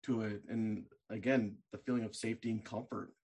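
A man's voice: on the low side, steady tone, brisk, darkish tone, slightly rough. A man hosting a casual interview, reflecting in a supportive way. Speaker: interview host.

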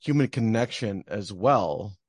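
A man's voice: on the low side, animated, measured pace, a little mellow, dry recording. Casual, reflective man interviewer. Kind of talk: conversational interview.

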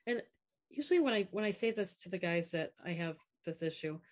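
Fairly low-pitched and fairly quick, this young app founder speaks candidly as an interview guest. She's an animated storyteller who quotes other people by putting on their voices.

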